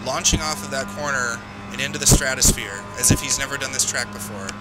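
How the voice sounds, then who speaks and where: A man's voice: medium pitch, steady tone, a little fast. A man streaming a racing game, talking to himself while driving and grumbling about a crash. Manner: talks to himself while driving, frustrated and ranting. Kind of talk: live gameplay commentary. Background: loud music.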